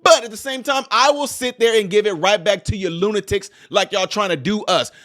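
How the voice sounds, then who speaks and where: A man with a fairly high voice and a drawl, reacting to a news clip. He rants loudly, mocks, then drops into low mutters. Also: a little fast. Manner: loud, ranting, mocking, shifting from shouts to low mutters. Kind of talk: heated reaction commentary.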